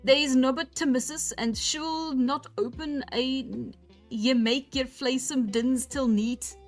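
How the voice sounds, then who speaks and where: A grumpy old farm servant, as a woman reading aloud puts him on, barking in a thick rural dialect. He drawls each word slowly at a raised, higher pitch while faint music plays behind. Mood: gruff. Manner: broad rural dialect read out phonetically, slow and loud.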